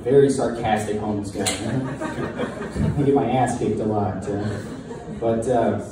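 A young man doing a halting, self-deprecating stand-up set in a bar taproom. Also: fairly low pitch, steady tone. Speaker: stand-up comedian. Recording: echoey distant room mic with crowd noise.

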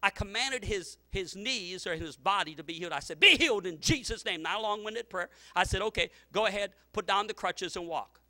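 A pastor preaching a sermon, telling stories with many repeats and restarts, and climbing to loud shouted lines. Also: male voice, high-pitched, fairly quick, few pauses. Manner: storytelling preacher, repeats words, rising to shouts.

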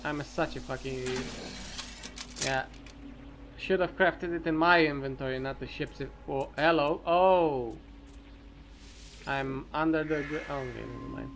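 Gamer guy, slightly high voice, unhurried, swears a lot and mutters at the screen over clear background noise. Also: fairly bright tone. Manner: profane, muttering, talks to himself. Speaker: let's play commentator. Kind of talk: casual gameplay commentary.

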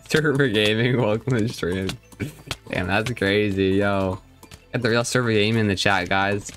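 A man's voice: lowish voice, a little slow, a bit bright, soft background music. A young man live-streaming a game, chatting casually and joking as he reads and answers his viewers' chat.

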